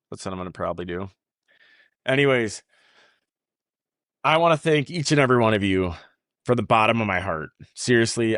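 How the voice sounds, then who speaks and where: A man's voice: fairly low pitch, dry recording, studio quality. A man in his forties hosting his own podcast, talking off the cuff in a rambling, repetitive way. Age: 40s. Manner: rambling, repeats himself, animated. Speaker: podcast host. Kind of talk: unscripted casual monologue.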